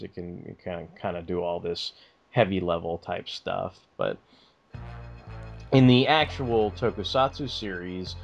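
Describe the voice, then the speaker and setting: A man co-hosting a podcast, chatting casually in a rambling way with lots of fillers and swearing. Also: lowish voice. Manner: rambling, filler-heavy, profane. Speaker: podcast co-host. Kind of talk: casual chat.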